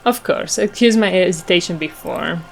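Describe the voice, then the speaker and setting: A woman's voice: lowish voice, normal speed, gravelly, a little hiss or hum, low-quality recording. Woman reading a guarded woman informant. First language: Italian. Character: composed, guarded middle-aged woman informant.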